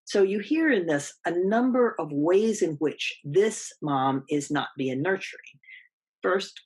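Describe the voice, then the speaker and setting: A woman presenting an academic lecture, measured and explanatory, with frequent ums and small restarts. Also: on the low side, lively intonation, darkish tone, husky. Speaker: guest lecturer.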